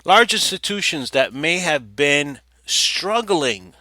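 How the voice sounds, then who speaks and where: A man's voice: a little high, big pitch swings, slow, dry recording. A man hosting a talk show, reading an article aloud and breaking off into sarcastic, digressive commentary. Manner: sarcastic, digressive, bursts into loud mock voices. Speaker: podcast host.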